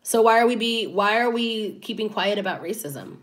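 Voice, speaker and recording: A woman's voice: medium pitch, animated, moderate pace. A woman giving casual, chatty commentary as a YouTuber, laughing often between her points.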